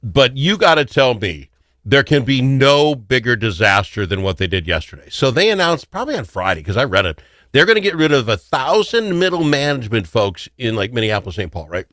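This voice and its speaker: Middle-aged talk-radio host, man, crisp and lively, dry close sound, loose storyteller who laughs a lot. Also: medium pitch, fairly quick, dry recording. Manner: rambling, joking storyteller who laughs often. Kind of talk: casual talk radio chat.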